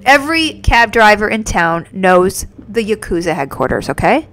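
A woman's voice: mid-range voice, big pitch swings, normal speed, fairly bright tone. A woman streaming a video game, joking playfully and chatting with her viewers. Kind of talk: casual live-stream commentary.

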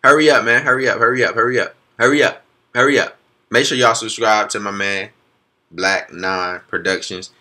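A young man hosting a reaction video, excitable and slangy, talking back at the clips he watches. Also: fairly low pitch, normal speed. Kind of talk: hyped casual commentary.

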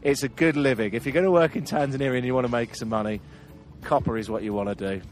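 A man's voice: medium pitch, fast talker, over music. A man hosting a travel podcast, telling road-trip anecdotes in casual chat and laughing through them.

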